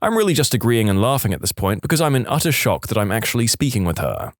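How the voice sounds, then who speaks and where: A man narrating reddit-style stories in an expressive, scripted storytime manner. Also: fairly low pitch, fast, no room sound, studio quality. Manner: lively, expressive reading.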